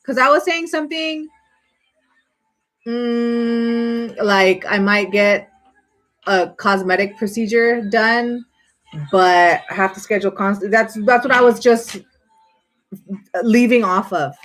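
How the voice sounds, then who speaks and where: Woman in her thirties, rambling live-stream chat, lots of fillers, soft music behind. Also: fairly high pitch, slow, long pauses. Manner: chatty, rambling with many fillers.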